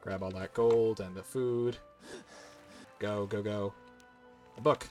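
A man with a fairly low voice talks his way through a game in a loose, chatty commentary. He laughs often and swears when things go wrong, with faint music underneath. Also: fairly even intonation, slow pace, darkish tone. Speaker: gaming channel host. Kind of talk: casual gameplay commentary.

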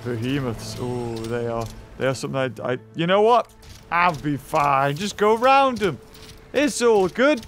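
A man hosting a let's play, chatting excitably and talking to the creatures on screen. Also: fairly high pitch, a little slow, a little hiss or hum. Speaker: gaming channel host.

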